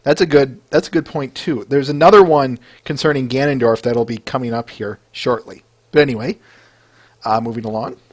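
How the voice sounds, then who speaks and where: Fan art is the topic as a man hosts a podcast at a moderate pace, his voice mid-range. He sounds enthusiastic and chatty, laughing and using fillers throughout the casual talk.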